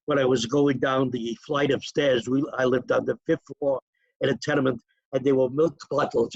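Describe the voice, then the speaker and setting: An older man, his voice gravelly and husky. He drifts from one memory to the next in a rambling, chatty way. The sound is close and dry. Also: mid-range voice, no echo, muffled recording. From New York. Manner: rambling, digressive storytelling with chuckles. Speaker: interview guest. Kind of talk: reminiscing in a casual interview.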